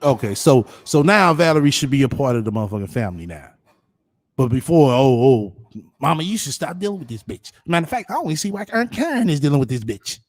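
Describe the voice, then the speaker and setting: A man's voice: mid-range voice, big pitch swings, fast, no room sound. A man commenting in an indignant, profane way, often stumbling over repeated words. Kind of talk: casual commentary.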